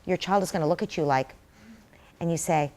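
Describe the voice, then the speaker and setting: A woman's voice: on the low side, brisk, darkish tone. Earnest woman giving parenting advice. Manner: earnest, explains by acting out example dialogues. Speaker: parenting expert guest. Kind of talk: interview answer, conversational advice.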